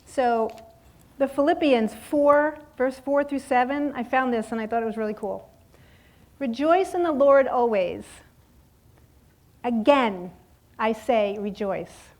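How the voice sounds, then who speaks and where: A woman in her fifties telling a lively personal story in a sermon, acting out voices and laughing often. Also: fairly high pitch, slow pace, long pauses. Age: 50s. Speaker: guest speaker at a church service.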